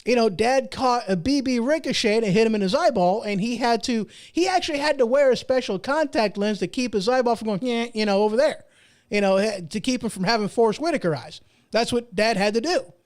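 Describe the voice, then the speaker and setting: A man's voice: very high voice, animated, a little fast. A man hosting his own show, telling a funny personal story in a rambling, self-deprecating way. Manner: rambling, self-deprecating, with frequent restarts and fillers. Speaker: podcast host. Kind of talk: casual monologue storytelling.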